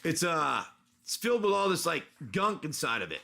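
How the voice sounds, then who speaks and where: A man's voice: on the high side, sing-song, normal speed, vocal fry, bright, forceful tone, heavily acted. A man voicing a poor little ghoulish male potato farmer in a tabletop-style game, friendly and pleading in a raised voice.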